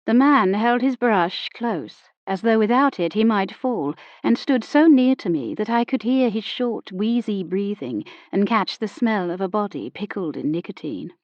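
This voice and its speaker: A woman's voice: medium pitch, animated, measured pace, hardly any pauses, no room sound, muffled recording. Woman narrating a mystery audiobook. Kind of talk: first-person audiobook narration of a period mystery.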